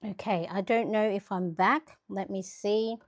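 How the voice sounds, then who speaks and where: A woman's voice: medium pitch, fairly even intonation, measured pace. A woman hosting a casual planner livestream, chatting to viewers and explaining step by step as she works at her desk. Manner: chatty, rambling, laughs often, talks to viewers; explains step by step while working.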